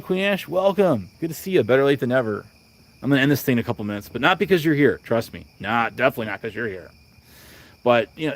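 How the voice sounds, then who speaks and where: A man hosting a livestream, ranting bluntly and rambling with many restarts. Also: mid-range voice. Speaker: livestream host. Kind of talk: casual livestream rant.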